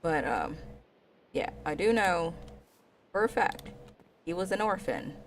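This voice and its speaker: A woman's voice: on the low side, very animated, slow pace, a little hiss or hum. A woman streamer casually retelling an anime story while playing, rambling with slang and asides. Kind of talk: casual gaming stream chat.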